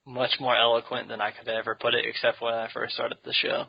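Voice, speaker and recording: A man's voice: medium pitch, monotone, fairly quick, vocal fry, highs cut off, noisy background. A man hosting a casual podcast, joking and rambling with frequent restarts. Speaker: podcast host.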